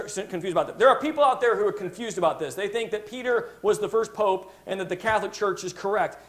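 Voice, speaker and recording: A man preaching a sermon as pastor, emphatic, stopping to restart phrases and asking his congregation "Amen?". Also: high-pitched.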